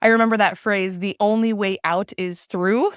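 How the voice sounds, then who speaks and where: A woman hosting an interview podcast, speaking in measured, thoughtful, long flowing sentences. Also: medium pitch, fairly even intonation, clean tone, no room sound, clean studio sound. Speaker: podcast host. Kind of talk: casual interview conversation.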